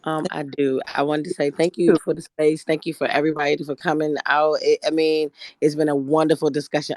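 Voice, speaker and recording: A woman's voice: low voice, dry recording, studio quality. A woman co-hosting a live audio chat, giving emphatic, exhorting closing remarks. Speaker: co-host.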